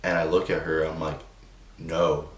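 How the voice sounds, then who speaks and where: Low, slow-talking young man, halting. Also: level tone. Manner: halting, full of restarts and "like" fillers; subdued and emotional. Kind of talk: personal storytelling. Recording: roomy echo, distant from the mic, faint noise.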